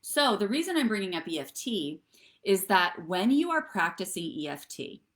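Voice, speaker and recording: A woman's voice: medium pitch, sing-song, moderate pace, a bit bright. A middle-aged woman coaching viewers through breathwork and tapping on a live stream, chatty and often checking in with "okay?" and "right?". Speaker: wellness coach.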